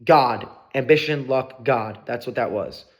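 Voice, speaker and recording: Excited young man telling a story. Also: mid-range voice, measured pace. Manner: excited, swearing, acts out quoted dialogue. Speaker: vlogger. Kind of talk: casual storytime monologue.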